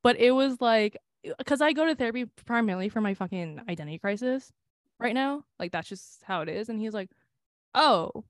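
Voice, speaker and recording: A woman's voice: fairly high pitch, fairly quick, no echo, studio quality. Laughing, swearing young woman podcaster. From Philippines. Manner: laughing often, swearing freely, animated. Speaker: podcast co-host. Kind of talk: casual chat.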